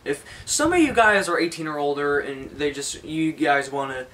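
A man's voice: fairly high pitch, expressive, moderate pace, bright, forceful tone. A teenage boy or young man talking unscripted to his channel's viewers, rambling and repeating himself with many restarts and fillers. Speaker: YouTuber. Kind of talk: casual unscripted vlog talk.

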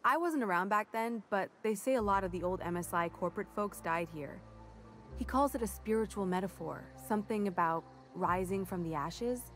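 A woman's voice: mid-range voice, moderate pace, fairly bright tone, soft background music, lightly acted. A woman voicing a folksy, chatty commune greeter. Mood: friendly. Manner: chatty, folksy, eager to please. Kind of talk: video game dialogue.

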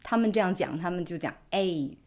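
A woman's voice: on the low side, lively intonation, quick pace. A woman with a Chinese accent, a native Chinese speaker, teaching English pronunciation in a bilingual lesson and repeating sounds after her partner.

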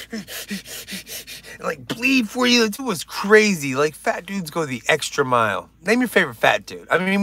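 A man's voice: a little high, gravelly, bright, forceful tone. A man hosting a casual livestream, joking, rambling and reading chat aloud. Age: older. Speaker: livestream host.

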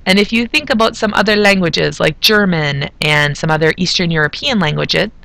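A woman's voice: lowish voice, moderate pace, vocal fry, fairly bright tone, dry recording. A woman who is a chemistry teacher, giving a recorded video lesson in a chatty way, with asides as she explains.

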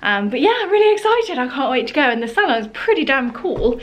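A woman's voice: high voice, big pitch swings, fairly quick, dull audio. Bubbly British woman vlogging. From United Kingdom. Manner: bubbly and gushing, with fillers. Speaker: lifestyle vlogger. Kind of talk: chatty vlog to camera.

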